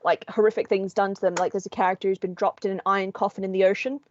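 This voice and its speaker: A woman's voice: mid-range voice, fast talker, no room sound, lo-fi sound. An Australian woman co-hosting a podcast, chatting casually and acting out voices in her stories. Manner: animated storyteller, acts out voices. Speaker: podcast co-host. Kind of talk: casual chat.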